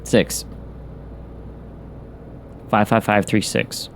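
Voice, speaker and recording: A gaming channel host plays through a horror game in let's play commentary, muttering to himself over codes and tossing out wry asides. His voice is on the low side with vocal fry and a flat delivery, he talks extremely slowly, and there's slight background noise.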